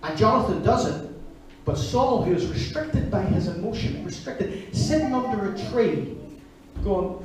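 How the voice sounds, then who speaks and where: Animated preacher in echoey church. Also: male voice, sits high, moderate pace, a little hiss or hum. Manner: animated storytelling, acting out voices. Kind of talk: sermon. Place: church service. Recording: echoey church hall from far off.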